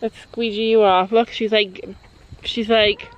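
A woman's voice: mid-range voice, fairly even intonation, measured pace, dull audio, a little hiss or hum. A woman chatting casually to her camera outdoors at a horse barn, soothing a frightened horse. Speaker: vlogger and mother. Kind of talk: casual vlog narration.

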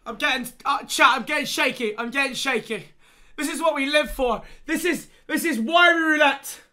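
A young woman, commentating a gaming livestream, excitable and pleading as she talks to her chat. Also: sits high, normal speed. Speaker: streamer.

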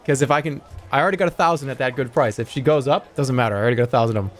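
A man streaming a video game, talking his way through it with sudden yelps, swearing and bursts of excitement, and sometimes reading the game's dialogue aloud. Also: medium pitch, racing, a little hiss or hum. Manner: excitable, swearing, yelps and shouts when things go wrong. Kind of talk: live gameplay commentary.

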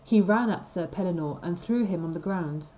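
A woman reading a simple story aloud for language learners, slow and clear. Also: fairly low pitch, dark tone, low-quality recording. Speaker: reader of a graded story. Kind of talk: scripted storybook narration for learners.

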